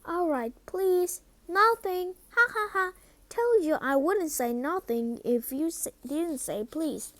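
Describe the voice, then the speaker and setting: A woman voicing a mischievous male poltergeist who taunts and cackles loudly. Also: high-pitched, animated, takes it slowly, few pauses, dry recording, pitched above the performer's own voice. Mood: taunting. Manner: taunting, loud, shrieking cackle.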